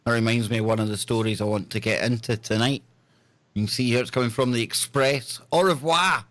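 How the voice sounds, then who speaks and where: A man's voice: on the low side, level tone, a little fast, no room sound. A man hosting a talk show, reading news stories with joking, sarcastic asides. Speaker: podcast host. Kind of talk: casual news chat.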